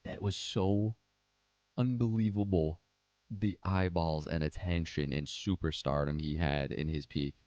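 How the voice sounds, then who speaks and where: A man's voice: low voice, fairly even intonation, a little slow, a little mellow, no echo, muffled recording. A young man hosting a casual livestream, chatting in a laid-back, profane, slangy way and answering live chat comments. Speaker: livestream host.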